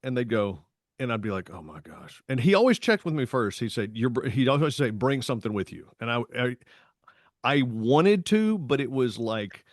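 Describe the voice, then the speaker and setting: A man, co-hosting a podcast and telling stories in a lively, casual way, acting out the voices in his stories. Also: medium pitch, moderate pace, no room sound, studio quality. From Tennessee, US. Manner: animated storytelling with voiced quotes. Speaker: podcast co-host. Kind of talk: casual chat.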